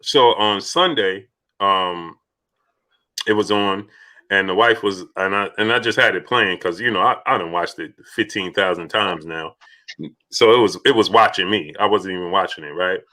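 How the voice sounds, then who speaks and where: A man hosting a casual live-stream chat, asking rhetorical questions and shouting out viewers by name. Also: sits low, moderate pace. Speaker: host.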